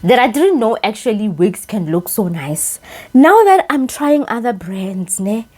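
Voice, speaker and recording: A young woman from South Africa chats through a wig review in a lively, sing-song voice that sits a little high. She is excitable and expressive, hopping between languages mid-sentence. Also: a little slow, breathy edge. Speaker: beauty YouTuber reviewing a wig. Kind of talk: casual chat.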